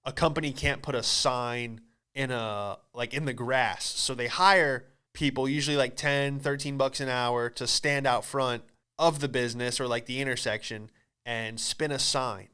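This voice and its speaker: A man hosting a comedy podcast, telling a story in an animated, profane, exclamatory way. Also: medium pitch, normal speed, smooth.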